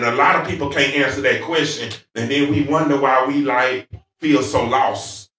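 A Southern man preaching to a congregation, his mid-pitched voice set back from the mic. The sanctuary rings with heavy echo around him. He starts soft and halting, then builds to loud, fervent preaching. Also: slight background noise. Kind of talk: sermon. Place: church sanctuary. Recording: echoey church sanctuary, mic at a distance.

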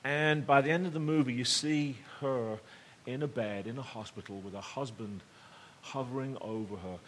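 A middle-aged man gives a sermon as if telling a story to friends. His voice sits in a middle range, and he moves between quiet, intimate passages and louder, emphatic ones. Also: mid-range voice, normal speed, a little hiss or hum. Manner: conversational, swings between loud emphasis and hushed tones. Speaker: pastor.

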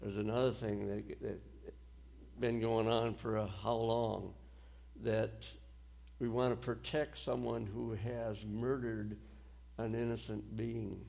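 A man preaching a sermon in a slow, deliberate way, pausing often between phrases. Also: fairly low pitch, flat delivery, vocal fry, darkish tone. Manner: slow, deliberate delivery with pauses and short dry laughs.

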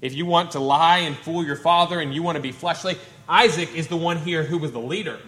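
Bright-voiced preacher in an echoey room. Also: male voice, on the high side, brisk. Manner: reads scripture aloud then explains it in plain talk. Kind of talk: expository sermon. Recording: echoey room with faint ambient noise.

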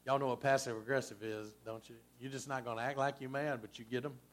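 A man preaching a sermon as a pastor, conversational and folksy, with frequent asides to the congregation. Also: quick pace. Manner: conversational preaching, folksy asides, lively swings in pitch and loudness.

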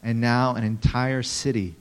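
A man in the middle of a sermon, speaking to a room of listeners at a mid pitch. He teaches in a lively way, asks people questions and acts out the lines he reads with big dramatic swings. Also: unhurried, smooth. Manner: animated, acts out quotes dramatically, talks to audience members. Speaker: pastor.

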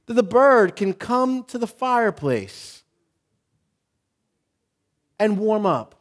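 A man's voice: sits high, sing-song, takes it slowly, long pauses. A man preaching a sermon through a story, asking the congregation questions and building to emphatic points.

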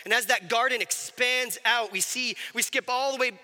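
A man with a high, ringing voice delivers a sermon in a relaxed, conversational way, checking in with the room as he goes. His voice is very bright and cutting. A long hall reverb trails each phrase. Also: moderate pace. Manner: conversational, animated, asks the audience questions. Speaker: pastor.

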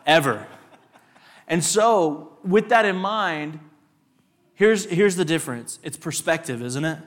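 This young guest speaker at a church service has a West Texas twang and a voice that sits a little high. He goes slowly, telling animated stories from his own life and breaking off to question the congregation.

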